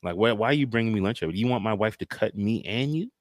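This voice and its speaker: A middle-aged man co-hosts a podcast in casual chat, joking and playful, slipping into voices for bits. His voice is on the low side with lively intonation and a very fast pace, recorded with clean studio sound and no room sound.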